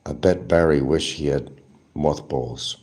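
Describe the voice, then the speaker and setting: Very deep-voiced older man rambling. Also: unhurried, darkish tone. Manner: opinionated, drifting, talks to viewers. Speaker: livestream host. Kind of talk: rambling casual monologue.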